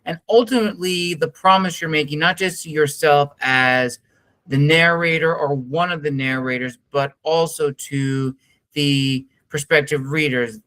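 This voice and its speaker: A man's voice: on the high side, fairly even intonation, a little slow, bright, forceful tone. A man hosting an interview, asking long, formal, winding questions. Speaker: podcast interviewer.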